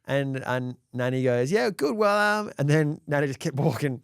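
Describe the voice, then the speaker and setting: A man's voice: mid-range voice, moderate pace, clean tone, no room sound, studio quality. A man co-hosting a podcast, chatting casually and acting out other people's lines as he tells stories. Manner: animated storytelling, acting out quotes. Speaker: podcast co-host. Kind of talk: casual chat.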